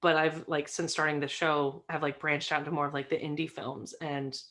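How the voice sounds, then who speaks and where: A woman guest in a casual interview, chatty and filling her talk with "like", rising into excited bursts. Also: low voice, moderate pace. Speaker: podcast guest, stream host.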